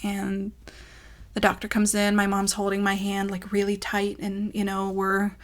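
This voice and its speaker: A woman's voice: mid-range voice, monotone, measured pace. A woman telling a personal story in a vlog, in a rambling, emotional way with lots of fillers. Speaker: ASMR creator.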